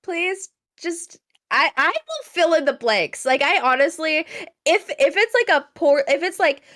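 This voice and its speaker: A woman's voice: high voice, very animated, moderate pace, a bit bright. A woman co-hosting a podcast, chatting supportively with a guest and reading out viewer questions. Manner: supportive, reads chat questions aloud. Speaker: podcast co-host. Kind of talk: casual interview chat.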